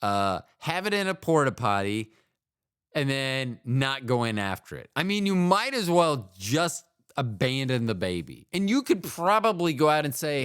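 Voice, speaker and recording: Lively, rambling male podcast host. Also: mid-range voice, measured pace, smooth, dry recording, clean studio sound. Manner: rambling, digressive, profane. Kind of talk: casual solo monologue.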